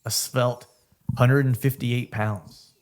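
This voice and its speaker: A man's voice: mid-range voice, steady tone, takes it slowly. A young adult man hosting a hunting podcast in a loose, rambling, self-mocking way with plenty of fillers. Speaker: podcast host. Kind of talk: casual podcast chat.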